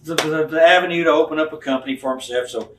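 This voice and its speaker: A retired wrestler in his fifties gives a candid, blunt, profane interview, acting out the people in his stories. His voice is a little high and quick. The room is echoey, with a distant mic and faint hiss.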